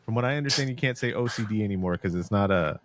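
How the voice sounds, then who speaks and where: A man co-hosting a casual podcast about a film, retelling scenes with animated storytelling and acted-out quotes. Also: lowish voice, racing. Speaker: podcast co-host.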